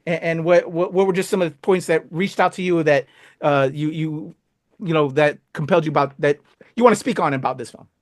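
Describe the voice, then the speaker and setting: A man's voice: fairly high pitch, brisk. Hesitant male movie review host. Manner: hesitant, full of "uh" and restarts. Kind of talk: casual chat.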